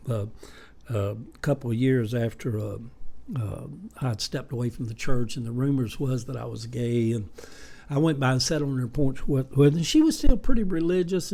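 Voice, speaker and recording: A man's voice: fairly high pitch, warm tone. Folksy older man, rambling. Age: 70s. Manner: rambling, folksy storytelling with many fillers. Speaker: vlogger. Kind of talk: casual monologue.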